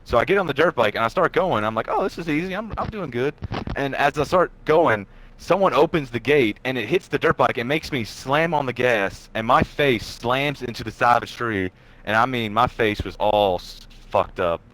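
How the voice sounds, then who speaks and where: A man's voice: mid-range voice, moderate pace, fairly bright tone, low-quality recording. A man telling a personal story in a rambling, casual way, swearing now and then. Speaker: guest storyteller.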